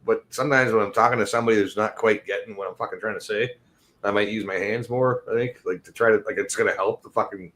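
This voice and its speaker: A man's voice: lowish voice, fairly even intonation, quick pace, fairly bright tone. A man co-hosting a casual stream chat, swearing often and rambling in loose sentences. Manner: profane, rambling, trails off. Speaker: stream co-host.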